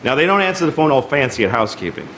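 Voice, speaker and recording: A man doing a stand-up routine on stage, animated and sarcastic, acting out phone calls with a laughing audience around him. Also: fairly high pitch, very fast. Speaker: stand-up comedian. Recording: loud crowd and room noise, live club.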